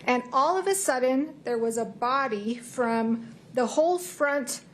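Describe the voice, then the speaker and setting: Lawyer woman reading back testimony, bit high voice, faint hiss. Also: lively intonation. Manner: measured, repeating the witness's account. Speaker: attorney. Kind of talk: courtroom questioning.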